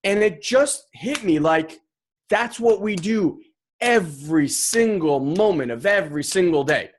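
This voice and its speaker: A man hosts his podcast alone in a loose, casual monologue. He talks animatedly and slips into little acted-out voices for the thoughts he quotes. His voice sits a touch high for a man. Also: expressive, measured pace, a little hiss or hum. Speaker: podcast host.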